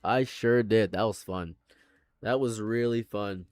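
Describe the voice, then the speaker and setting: A man's voice: lowish voice, measured pace, dry recording, clean studio sound. A man streaming a commentary rant, blunt and sarcastic, swearing freely and repeating his points over and over.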